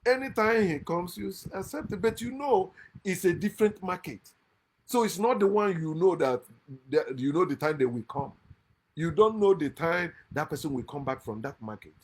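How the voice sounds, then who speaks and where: Man hosting his own channel, emphatic lecturing monologue, raised pitch, bursts of laughter. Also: lively intonation, normal speed, husky. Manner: emphatic, lecturing, swings from loud outbursts to quiet asides; laughs often mid-speech. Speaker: channel host. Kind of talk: impassioned monologue against religion. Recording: lives in America.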